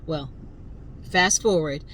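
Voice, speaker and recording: A woman's voice: deep voice, takes it slowly, slight background noise, rough recording. A woman in her fifties hosting a podcast, telling a story casually and emphatically and speaking straight to her listeners. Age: 50s. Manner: animated, emphatic, addresses listeners directly. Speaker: podcast host.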